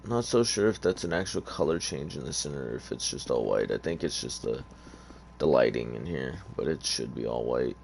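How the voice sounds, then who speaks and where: A man's voice: extremely low pitch, expressive, normal speed, gravelly, darkish tone, a little hiss or hum. A tired man giving casual, rambling gameplay commentary in an offhand, hesitant way. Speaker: gamer.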